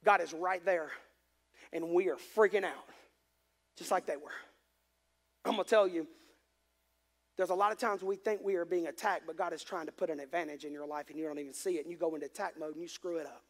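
A male pastor preaches in a church sanctuary, his voice pitched high for a man. He reads scripture aloud and breaks in with emphatic, conversational commentary. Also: steady tone, brisk, long pauses. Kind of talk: sermon.

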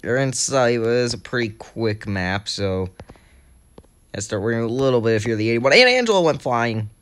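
A young man with a scratchy throat calling a video game race, getting excitable as the crashes pile up. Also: medium pitch, normal speed, clear, resonant tone. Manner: excitable, rising to shouts at crashes. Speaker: race commentator.

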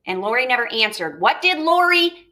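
A woman's voice: a little high, sing-song, moderate pace, bright, forceful tone. A middle-aged woman teacher leading a reading lesson, reading a story aloud and modeling note-taking, with frequent checks like "okay?". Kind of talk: classroom lesson with read-aloud.

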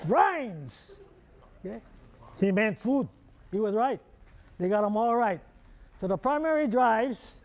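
A man with a Hawaiian Pidgin accent giving a humorous keynote talk, joking and quizzing the audience with questions. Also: extremely high pitch. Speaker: keynote speaker.

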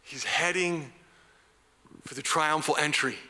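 A man preaching a sermon as pastor, animated and conversational. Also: a little high, slow pace, in a large hall. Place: church hall.

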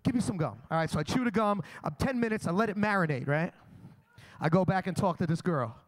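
A man's voice: high-pitched, quick pace. A young man doing a crude, boastful stand-up set in a comedy club. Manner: brash, crude, boastful storytelling.

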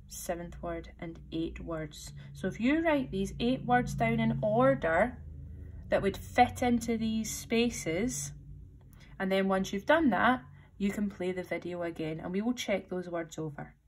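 A woman's voice: medium pitch, a little hiss or hum. Primary teacher, woman, storybook read-aloud, patient step-by-step delivery. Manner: slow, step-by-step instructions. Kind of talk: reading aloud and giving class instructions.

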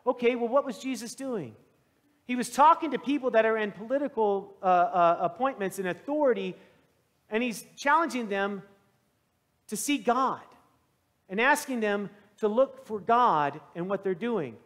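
A male pastor preaching a sermon in a church, with animated, conversational storytelling. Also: sits high, normal speed, long reverb tail.

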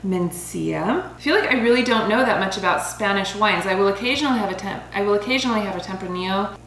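A woman in her thirties chatting casually as she reviews wines, bubbly and quick to laugh, stumbling over foreign names. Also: mid-range voice, a bit bright. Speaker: vlogger reviewing wine. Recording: roomy home recording with faint hum.

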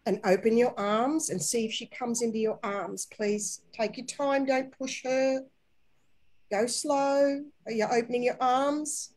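A woman guiding a spiritual inner-child healing session, talking softly and slowly and coaxing with endearments. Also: fairly high pitch, steady tone, low-quality recording. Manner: soft, slow, coaxing guidance with gentle endearments.

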